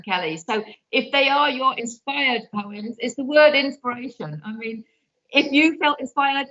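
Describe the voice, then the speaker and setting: An earnest woman giving card readings on a live show, pleading and reassuring as she speaks. Her voice sits fairly high. The audio comes through dull and a little lo-fi. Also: fairly bright tone. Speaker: card reader guest.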